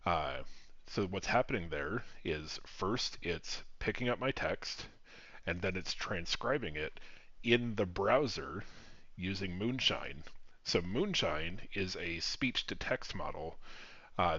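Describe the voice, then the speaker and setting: A man demoing his own software project in a casual screen recording, explaining each step and swearing now and then. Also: low-pitched, expressive, unhurried, no echo, lo-fi sound.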